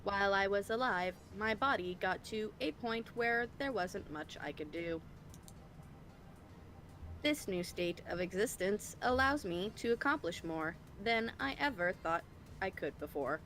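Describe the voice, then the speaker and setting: A woman's voice: medium pitch, animated, a little slow, a bit bright, slight background noise. A woman voicing a chipper, slightly robotic brain in a jar. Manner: upbeat and flirty. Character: cheerful, energetic female brain in a jar. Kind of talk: fan voicing of game dialogue. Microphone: voice call over the internet.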